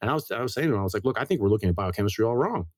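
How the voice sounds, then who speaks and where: A lowish, expressive male voice, recorded dry with clean studio sound. He's an American medical doctor appearing as a guest in a casual interview, explaining things briskly and earnestly and sharing anecdotes about his family.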